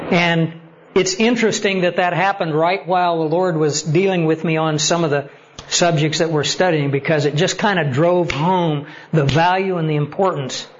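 A man preaching a sermon, telling stories and building to animated emphasis as he makes his points. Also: high voice. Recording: slightly dull lo-fi sound with faint noise.

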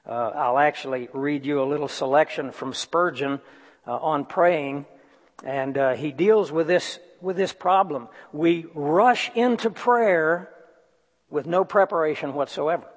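Male preacher, fairly high voice, measured sermon delivery, long hall reverb. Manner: slow, deliberate emphasis with reading aloud.

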